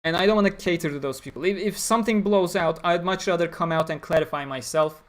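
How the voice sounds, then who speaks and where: This livestreamer from Turkey talks fast in a slightly high voice, casually reading chat and answering with blunt opinions. He works through his ideas out loud, using fillers.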